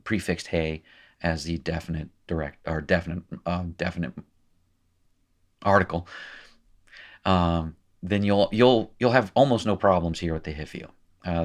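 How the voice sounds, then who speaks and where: A man teaching a recorded lesson in a casual way, thinking aloud with fillers and small self-corrections. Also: low voice. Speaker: language teacher. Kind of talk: recorded lecture at a whiteboard.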